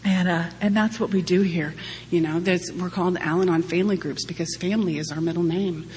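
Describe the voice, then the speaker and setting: At a recovery-group meeting, a woman in her forties shares a candid, humorous testimony, often laughing. Her voice is fairly low and a little mellow, with fairly even intonation and a slightly fast pace. The hall adds long reverb and a faint hum.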